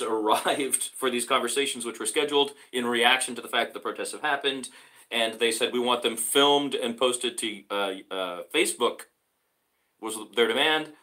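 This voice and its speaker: A man's voice: medium pitch, pushed and bright, low-quality recording. A man hosting his own small show, reading a newspaper article aloud and breaking off to comment, with hesitant fillers and restarts. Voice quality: halting, with frequent fillers and restarts. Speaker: host.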